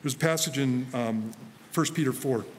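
A man, a pastor, preaching a sermon to a congregation in a relaxed, conversational way, telling stories from his own life and quoting himself. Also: mid-range voice, moderate pace, big-room sound, slight background noise. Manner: conversational, storytelling with self-quoted asides. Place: church sanctuary before a congregation.

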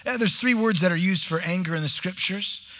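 A man's voice: sits high, fairly quick, sharp tone. A middle-aged male pastor preaching a sermon in a church, acting out short bits of dialogue as he goes.

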